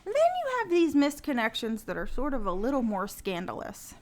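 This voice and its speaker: Mujer de voz aguda y muy expresiva, copresentadora de podcast cómico, charla informal entre risas. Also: female voice, high voice, a little fast, a little hiss or hum. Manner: laughs often, animated storytelling. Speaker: podcast co-host. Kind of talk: casual comedic banter.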